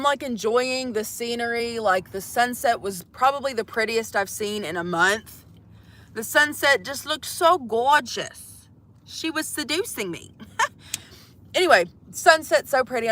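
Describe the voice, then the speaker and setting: A woman's voice: on the high side, sharp tone. Profane, exasperated young woman telling stories. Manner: profane, exasperated, comic storytelling. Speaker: vlogger telling a story to live viewers. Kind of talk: casual storytelling livestream. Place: inside a van.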